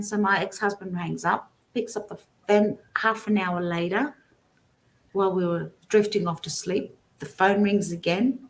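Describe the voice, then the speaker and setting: Animated woman telling a story. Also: medium pitch, unhurried. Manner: animated, lots of restarts and self-corrections. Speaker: guest psychic. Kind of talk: storytelling in a casual interview. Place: remote guest, at home.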